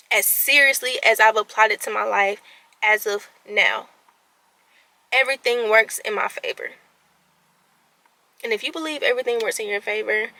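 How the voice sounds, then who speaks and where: Speaking in a slightly high voice, captured dry, a nervous vlogger in her twenties opens up to camera. Her anxiety makes her stumble, stutter and restart, her volume swings from quiet to loud, and she pulls herself together with animated, tough-love self-talk.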